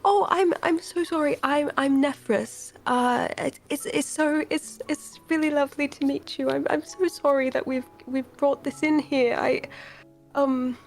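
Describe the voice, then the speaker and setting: A woman's voice: high-pitched, steady tone, soft background music, voice pushed up. A woman doing a stammering, anxious young man. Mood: flustered. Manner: stammering, rushed apologies. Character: anxious, apologetic young man, near tears.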